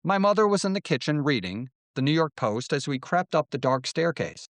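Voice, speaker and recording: A man's voice: on the high side, big pitch swings, brisk, dry recording. Man reading his memoir, dry close sound. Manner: wry, storytelling narration with voiced quotes. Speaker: memoir narrator.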